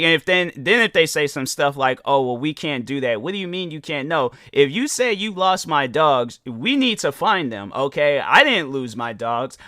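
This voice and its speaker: A man's voice: fairly high pitch, sharp tone, dry recording, clean studio sound. A young man hosting a podcast, giving rambling, slangy commentary on a viral video. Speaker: podcast host.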